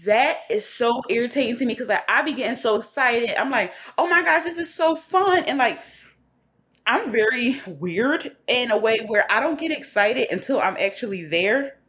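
A woman's voice: on the high side, normal speed. A young woman in her twenties, co-hosting a casual chat and telling stories with lots of laughter and cursing. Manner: animated storytelling with frequent laughter and profanity. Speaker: podcast co-host.

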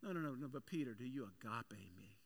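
A preacher doing a soft-spoken, gentle teacher. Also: male voice, medium pitch, close to an everyday voice. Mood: tender. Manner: soft, slow, tender. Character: calm, gentle male teacher Jesus.

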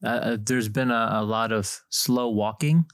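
Chatty young male deacon, mid pitch. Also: measured pace, no room sound, studio quality. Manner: chatty, laughs easily, many fillers. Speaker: deacon and seminarian, co-host. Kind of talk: casual chat.

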